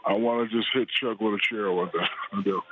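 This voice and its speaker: A man in his forties calling in to a talk show, chatting in a relaxed, joking way. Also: on the low side, fairly quick. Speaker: guest. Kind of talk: phone interview. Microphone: phone line. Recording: tinny phone line.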